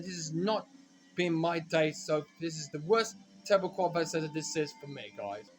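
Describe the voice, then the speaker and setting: A man giving rambling, self-correcting commentary while playing a racing game, now and then breaking into frustrated shouts. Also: a little high, normal speed, faint music behind. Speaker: gaming commentator. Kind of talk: casual let's-play commentary.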